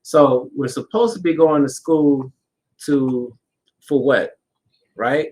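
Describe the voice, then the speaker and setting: A man co-hosting a live-streamed spiritual talk, walking through his points in a relaxed way and checking in with "right?". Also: mid-range voice, slow. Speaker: co-host of a spiritual channel. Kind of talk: live-streamed casual discussion.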